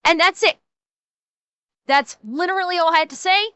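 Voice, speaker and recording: A woman's voice: very high voice, normal speed, pushed and bright, no echo. A woman streamer giving blunt, heated, profane commentary while reacting to clips.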